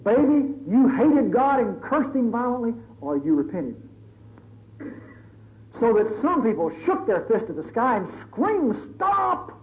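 High-voiced preacher on a tinny recording. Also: male voice, big pitch swings, a little slow. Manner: dramatic, conversational, storytelling. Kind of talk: sermon. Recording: tinny phone-like recording, faint hiss.

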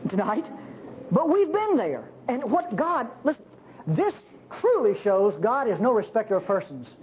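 Lively, joking preacher delivering a sermon. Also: medium pitch. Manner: animated, jokey asides to the congregation. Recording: slightly dull recording with faint hiss.

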